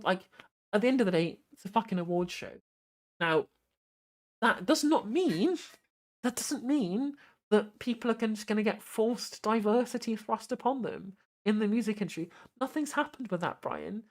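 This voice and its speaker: A British woman talks through the news in a relaxed, conversational way on her stream. She often repeats words as she gets going and tosses off dismissive asides, at an ordinary mid pitch. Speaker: live-stream political commentator. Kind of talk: casual commentary.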